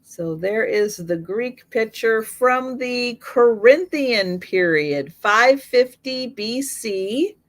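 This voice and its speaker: A woman's voice: fairly high pitch, expressive. A woman hosting a live online sale, listing vintage items and prices one by one with fillers, her voice slightly worn. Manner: slow, item-by-item pricing with fillers.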